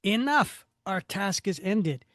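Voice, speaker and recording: A man's voice: high-pitched, expressive, takes it slowly, a bit bright, no echo, clean studio sound, voice pushed up, exaggerated voice. A man voicing a grand male villain giving orders, read from a comic as a dramatic performance. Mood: commanding. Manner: commanding, theatrical.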